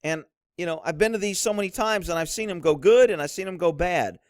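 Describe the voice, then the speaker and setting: A man's voice: a little fast, no room sound, studio quality. A middle-aged man, a former police officer, giving blunt, instructive commentary over police footage. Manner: blunt, instructive, drops low to mimic others.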